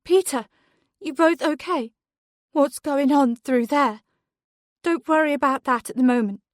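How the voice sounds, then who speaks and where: Woman doing desperate injured mother, high urgent voice, dry close sound. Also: a little slow, a little mellow, no echo. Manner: urgent, strained pleading. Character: injured, desperate mother searching for her children. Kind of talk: audiobook character voice.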